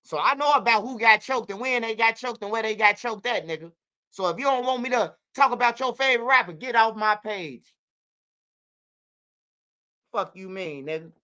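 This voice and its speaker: Slightly high-pitched and moving at a normal speed, this channel host from Chicago tells animated stories full of swearing and repetition in a casual livestream style.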